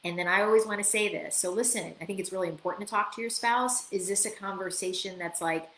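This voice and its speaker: A woman hosting a live coaching Q&A, chatty and lively, acting out bits of client dialogue as she answers questions. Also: medium pitch, fast. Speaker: business coach and show host. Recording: echoey room with faint ambient noise.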